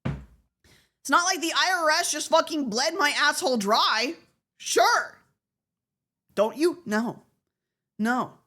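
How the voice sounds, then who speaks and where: This VTuber streamer, a woman from the Southern United States with a general American accent, has a high, bright, forceful voice. She speaks unhurriedly with long pauses, chatting casually and profanely with her viewers on a live stream and laughing often.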